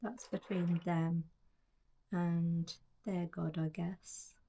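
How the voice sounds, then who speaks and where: A woman in her forties giving soft, reflective narration that often drifts into whispers. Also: lowish voice, steady tone, very slow, creaky. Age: 40s. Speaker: colouring book author.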